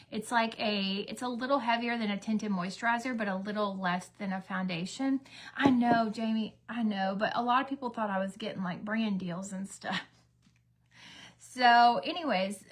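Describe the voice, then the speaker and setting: A woman's voice: medium pitch, a bit bright. A middle-aged woman, a mother, chatting casually as she tells a story with many fillers while getting ready. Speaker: beauty vlogger, mother. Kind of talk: casual get-ready-with-me chat.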